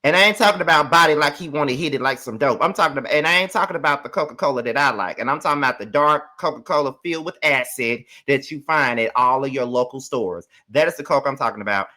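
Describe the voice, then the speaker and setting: A man hosting a casual reality show recap, ranting in an animated, profane and sassy way. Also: medium pitch, fast, few pauses. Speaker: host.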